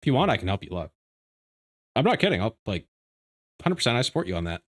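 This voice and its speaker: A man streaming from home, chatting casually with his viewers in a rambling, animated way, often restarting his sentences. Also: fairly low pitch, quick pace. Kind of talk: casual livestream chat. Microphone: desk microphone.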